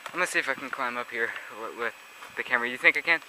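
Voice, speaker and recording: A man's voice: medium pitch, rapid-fire. Breathless young man vlogging outdoors. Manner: chatty, breathless, narrating what he films. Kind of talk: casual handheld vlog. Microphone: handheld camera mic. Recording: loud noisy outdoor camera audio.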